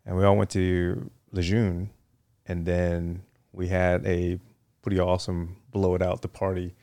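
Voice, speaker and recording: This retired Marine officer, a middle-aged man, speaks low and a little slowly in a dark, monotone voice with no echo. As a guest in a relaxed interview, he rambles through his stories, often restarting and leaning on fillers.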